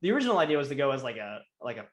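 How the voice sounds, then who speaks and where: A man's voice: mid-range voice, very animated, very fast, echoey room. A young man chatting casually on a podcast, rambling with many fillers and restarts. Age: young adult. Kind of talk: casual chat.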